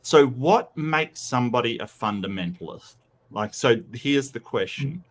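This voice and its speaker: A man's voice: medium pitch, expressive, measured pace. Rambling Western Australian man. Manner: rambling, many restarts and quoted asides. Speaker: debate review co-host. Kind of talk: casual chat.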